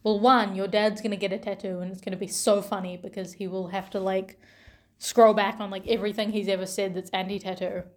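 A young woman talking gently and tenderly to her younger self, with pauses and soft laughs. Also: medium pitch, little pitch movement. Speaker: vlogger.

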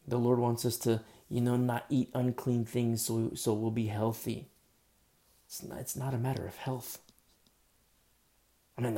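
A pastor giving a conversational sermon, reading scripture aloud and explaining it, with frequent "you know" fillers. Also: male voice, medium pitch, creaky, a little mellow. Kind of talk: expository sermon.

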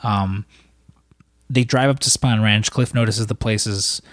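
A man's voice: fairly low pitch, fairly even intonation, unhurried, fairly bright tone, no echo, studio quality. A man recapping a film in casual, rambling talk, full of fillers and swearing. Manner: rambling, profane, lots of fillers. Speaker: podcast co-host.

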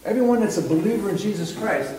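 A man teaching a Bible study in a relaxed, chatty way, often checking in with his listeners. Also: sits high, quick pace. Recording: roomy sound from some distance off the mic.

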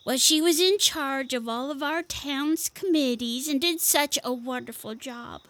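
A woman doing a high-voiced, weary mother chipmunk. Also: fairly bright tone, dry recording. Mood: sad. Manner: firm, then tearful and halting.

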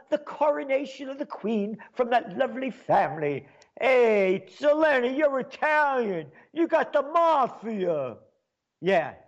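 Male commentator, high, swooping voice, slow, sarcastic rant. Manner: sarcastic and scornful, with sudden shouts. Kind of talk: ranting commentary. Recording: dull lo-fi sound.

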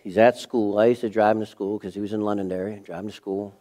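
In church, a middle-aged male pastor preaches quickly, his lowish voice keeping fairly even intonation. He recounts a personal story, shifting from hushed quiet to raised emphasis.

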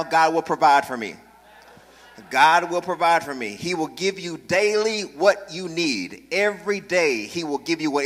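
Pastor, man, bright high voice, passionate sermon, big reverberant hall. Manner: call-and-response preaching, building to loud, passionate delivery. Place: church sanctuary.

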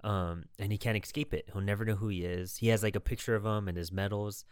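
A man co-hosting a podcast in casual chat, calmly retelling scenes with short acted quotes. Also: fairly low pitch, quick pace, smooth, no echo, studio quality. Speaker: podcast co-host.

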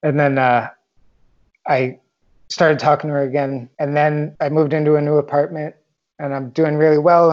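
Brief: candid, reflective male storyteller, even-toned delivery, slightly dull lo-fi recording. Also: fairly high pitch. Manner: candid, reflective, swears casually. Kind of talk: personal storytelling monologue.

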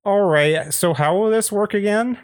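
A man's voice: high voice, moderate pace, no room sound, clean studio sound, voice pushed up, close to an everyday voice. A man putting on a grumbling cat creature. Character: grumpy talking cat creature, tired of fleas.

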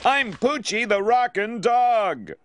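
An actor voicing a bumbling cartoon dad who plays a rocking talking dog in an animated cartoon, in a rough shouted bark. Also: male voice, extremely high pitch, takes it slowly, full character voice. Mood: brash. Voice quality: gravelly, shouted.

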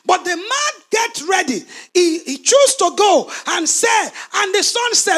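A man preaching a fiery sermon, shouting in a sing-song preaching cadence. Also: very high-pitched, big pitch swings, unhurried, few pauses.

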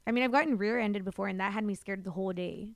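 A woman's voice: mid-range voice, quick pace, dry recording, studio quality. A woman guest on a podcast, chatting casually and reacting supportively with short interjections. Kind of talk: casual chat.

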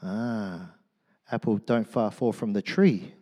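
A middle-aged man preaching a sermon in church, animated and joking, swinging from loud to hushed. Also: fairly low pitch, takes it slowly, big-room sound. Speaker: pastor.

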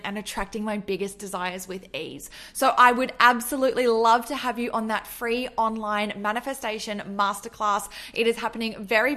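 A young adult Australian woman talks alone to her podcast listeners, gushing and upbeat. Her voice sits a little high, and she speaks with bubbly, effusive excitement. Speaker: podcast host. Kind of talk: enthusiastic solo podcast monologue.

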